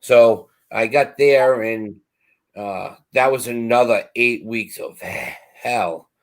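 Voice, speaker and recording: A middle-aged man casually telling a long story, animated and acting out the voices of the people in it. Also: medium pitch, takes it slowly. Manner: animated, acts out quoted voices. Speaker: co-host.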